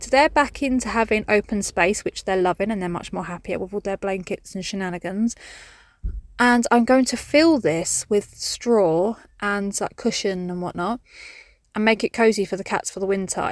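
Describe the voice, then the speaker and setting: A woman's voice: mid-range voice, dry recording, studio quality. A woman chatting casually in a garden vlog, jokey and self-mocking. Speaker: vlogger. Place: outdoors in a garden.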